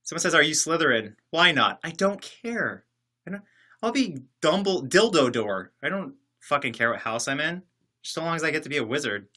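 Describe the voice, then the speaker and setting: Sitting alone in a separate building, a man chats casually on a livestream, reading comments and tossing back sarcastic, joking, rambling replies. His fairly high voice is sing-song, pushed and bright, at a normal speed.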